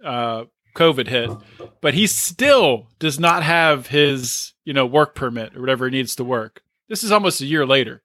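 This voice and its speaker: A man's voice: medium pitch, animated, normal speed, sharp tone. A man co-hosting a podcast, giving dry, wry asides in casual reality-TV chat. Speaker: podcast co-host. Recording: dry close mic.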